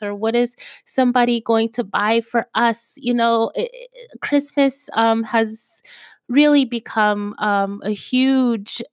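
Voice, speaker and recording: A young woman hosting her own podcast in casual chat, her voice raspy from a cold, talking with lots of fillers and repeated asides to her listeners. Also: a little high, dry recording, clean studio sound. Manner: chatty, lots of fillers, keeps saying "you guys". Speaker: podcast host.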